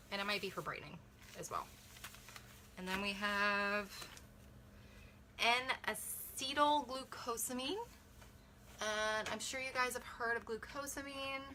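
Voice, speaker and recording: Bright, chatty young woman livestreaming. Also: a little high, slight background noise. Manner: chatty, thinks aloud, hedges and self-corrects. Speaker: brand ambassador unboxing a beauty kit. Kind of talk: casual livestream unboxing, reading viewer comments.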